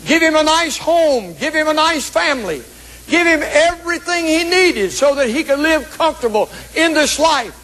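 A man's voice: extremely high pitch, lively intonation, moderate pace, bright, forceful tone, rough recording. A man preaching a sermon, telling a story in a rhythmic preaching cadence.

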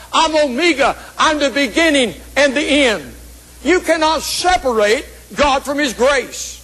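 A man's voice: extremely high pitch, fairly bright tone, low-quality recording. A man preaching a sermon, telling a story in a rhythmic preaching cadence.

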